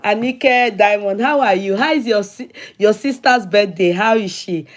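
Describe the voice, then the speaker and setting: A woman's voice: mid-range voice, normal speed. A middle-aged woman with a Nigerian accent hosting a casual livestream, greeting viewers by name and slipping into Yoruba phrases. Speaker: livestream host. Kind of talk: casual live chat with viewers.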